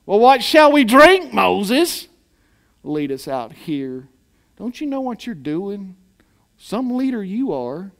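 A preacher putting on a sarcastic grumbling wanderer. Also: male voice, high voice, sing-song, slow, exaggerated voice. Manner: sarcastic, complaining. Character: sarcastic grumbling male Israelite wanderer, thirsty, whiny.

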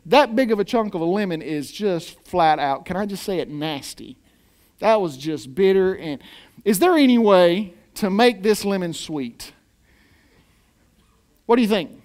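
High-voiced animated male preacher. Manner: animated, rhetorical questions, playful asides. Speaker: pastor. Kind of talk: sermon. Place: church hall.

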